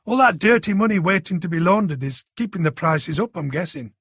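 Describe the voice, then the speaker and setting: A man's voice: high voice, expressive, brisk, fairly bright tone, breathy edge, no echo, clean studio sound, heavily acted. A man reading an audiobook plays a laid-back middle-aged man, bemused by technology.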